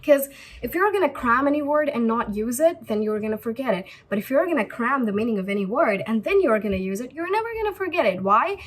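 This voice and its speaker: A woman's voice: fairly high pitch, lively intonation, fairly quick, rough recording. A young woman from India giving a chatty spoken English lesson to camera, repeating her points with many fillers. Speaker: English teacher.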